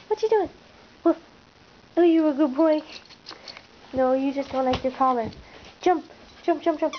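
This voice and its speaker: A woman's voice: sits high, measured pace, long pauses. A young woman filming her puppy on a handheld camera at home, talking to it in a playful, teasing sing-song. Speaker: home video maker. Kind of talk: casual talk to pets while filming. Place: indoors at home. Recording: dull, slightly muffled home video with faint noise.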